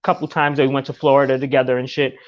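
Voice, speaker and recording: A man hosting a podcast who talks in a relaxed, casual way and swears now and then. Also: medium pitch, very fast, muffled recording. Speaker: podcast host. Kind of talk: casual chat.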